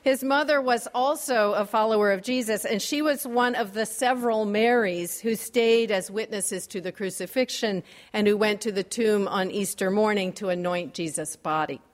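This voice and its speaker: A woman preaching a sermon in a measured, wry and gently humorous way. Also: mid-range voice, big-room sound.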